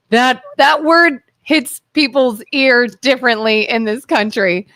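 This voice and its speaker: A woman co-hosting a casual talk radio show, telling stories in a chatty way and chiming in with quick agreement. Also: on the high side, fairly bright tone, no room sound, clean studio sound. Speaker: co-host. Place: radio studio.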